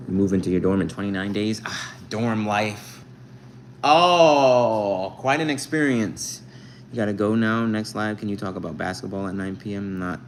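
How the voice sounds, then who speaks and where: A man's voice: lowish voice, flat delivery, fairly quick, few pauses, a little hiss or hum, rough recording. Playful young man chatting on a live stream. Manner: playful, joking, reading chat aloud. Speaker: livestreamer. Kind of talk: casual live stream chat reading comments.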